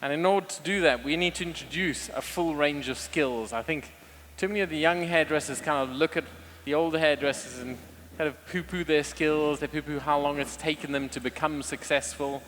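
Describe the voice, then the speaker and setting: A man's voice: on the high side, a little fast, few pauses, fairly bright tone, a little hiss or hum. Earnest man speaking in a reverberant hall. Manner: reflective, earnest, loose restarts. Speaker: lead hairstylist. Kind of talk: stage talk on a creative concept. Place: large event hall on stage. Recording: live hall with long reverb.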